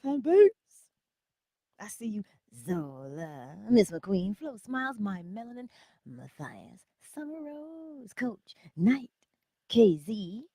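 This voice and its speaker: A woman's voice: mid-range voice, big pitch swings, slow pace, warm tone, slightly rough, no room sound, clean studio sound. A woman hosting a livestream, chatting casually and playfully, laughing often and greeting viewers by name, with a valley-girl way of talking. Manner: says she talks like a valley girl. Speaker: livestream host.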